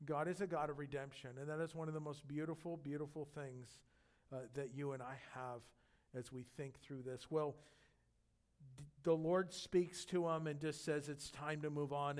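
Animated male preacher, fairly high voice. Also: moderate pace. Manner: animated storytelling, swings between loud emphasis and quiet intensity. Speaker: pastor. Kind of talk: sermon.

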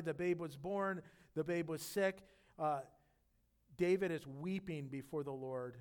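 A man preaching a sermon, retelling scripture with animated storytelling that swings between loud emphasis and quiet intensity. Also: fairly high pitch, measured pace, smooth. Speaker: pastor.

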